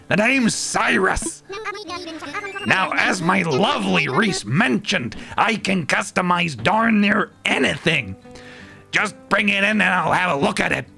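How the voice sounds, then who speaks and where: A man voicing a fussy, excitable male alpaca craftsman from a video game, reading slowly in a raised voice. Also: creaky, heavily acted. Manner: slow, drawn-out, raised-pitch reading. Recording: game music behind voice.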